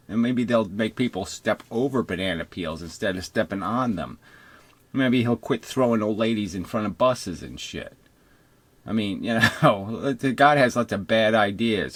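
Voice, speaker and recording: A husky, somewhat low-voiced older man rants in an unscripted monologue, profane and sarcastic. He mocks the people he talks about and drops into put-on voices to imitate them. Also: lively intonation, moderate pace, no echo. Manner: mimics others in put-on voices. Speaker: video commentator.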